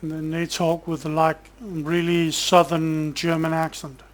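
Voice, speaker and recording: A man commentating his own gameplay in a relaxed, casual way, bantering sarcastically with game characters and swearing when annoyed. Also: fairly high pitch, unhurried. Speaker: gamer streamer.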